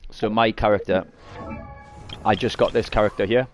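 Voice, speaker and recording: With soft background music, a man with a lowish voice and fairly even intonation speaks at a moderate pace. This gaming streamer rambles through a casual gameplay tutorial, correcting himself, as repeated coughs and throat clearing from garlic break in.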